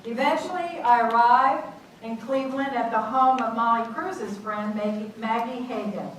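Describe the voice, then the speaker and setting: A woman's voice: on the high side, normal speed. Older woman telling a story on stage. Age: 80s. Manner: animated storytelling with dramatic outbursts. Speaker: solo stage performer. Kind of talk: one-woman theatre monologue. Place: theatre stage. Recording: roomy distant stage recording, faint noise.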